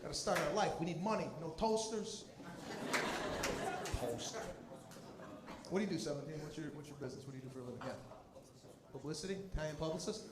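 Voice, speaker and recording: A man doing a stand-up comedy set, animated, shouting his punchlines and working the crowd. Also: fairly high pitch, fast, long pauses. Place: live comedy stage before an audience. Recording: echoey venue with loud crowd noise.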